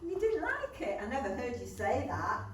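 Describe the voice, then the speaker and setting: A woman playing a kindly, elderly mother in a stage play, fond and gently chiding. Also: fairly high pitch, huge pitch swings, normal speed, noisy background. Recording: echoey hall, far from mic.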